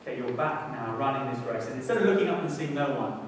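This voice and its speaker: A man preaching a sermon in a church hall, speaking conversationally and then bursting into loud emphasis. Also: mid-range voice, quick pace, a little hiss or hum. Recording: echoey hall, mic at a distance.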